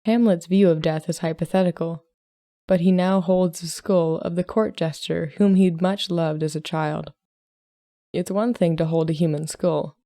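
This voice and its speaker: A woman hosting a podcast who reads a short story aloud in calm, measured scripted narration. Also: fairly low pitch, dry recording, clean studio sound. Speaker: podcast host and story reader.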